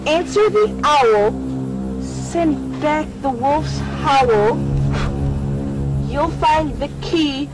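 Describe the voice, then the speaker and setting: A teenage camper speaks stiffly about a force in the woods, as a woman plays her. Her voice is high and slow with lively pitch. Film music runs under the clip. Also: exaggerated voice, rough recording. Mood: earnest. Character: teen camper in a low-budget horror film.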